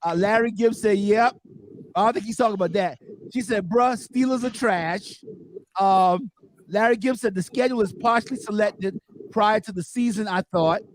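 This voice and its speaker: A male host of an online sports talk show, bantering loudly and reading out viewer comments. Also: high-pitched. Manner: loud, joking, quick to banter. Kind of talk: casual sports chat.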